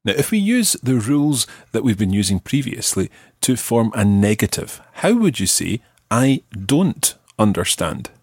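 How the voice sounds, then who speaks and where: A man hosting a podcast language lesson, patiently prompting a learner and slowing down for example phrases. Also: lowish voice, very animated, a little mellow, slightly rough, no echo, studio quality. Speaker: language teacher and podcast host.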